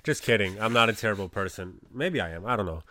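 A man's voice: on the low side, animated, fast, pushed and bright, no room sound, studio quality. A man telling a casual faith testimony, rambling and packed with "you know, like" fillers. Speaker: Christian speaker.

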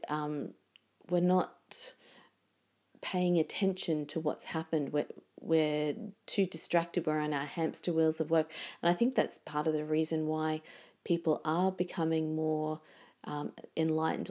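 A woman's voice: low voice, dark tone. A woman talking casually and reflectively, rambling with many restarts. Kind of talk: casual conversation.

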